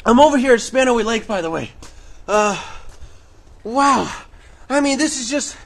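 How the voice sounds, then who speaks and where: A man vlogging outdoors in a snowstorm, excitable and rambling, out of breath, talking into a handheld camera mic. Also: extremely high pitch, moderate pace, creaky.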